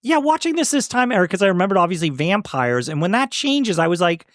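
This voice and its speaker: A man co-hosting a casual movie podcast, recapping scenes with a lively voice. His pitch swoops up and down for emphasis, and the recording is dry and close. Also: quick pace, no echo. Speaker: podcast co-host.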